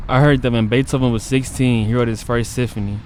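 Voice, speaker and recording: A man from Detroit, a street performer, reading jokes in an unhurried way and laughing through his own lines outdoors. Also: medium pitch, steady tone, darkish tone, a little hiss or hum. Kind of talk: casual joke reading.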